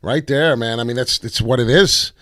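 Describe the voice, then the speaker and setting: A man's voice: medium pitch, normal speed, fairly bright tone, dry recording. A man giving casual, brash live commentary on price charts, rambling and swearing freely. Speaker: crypto chart analyst streamer.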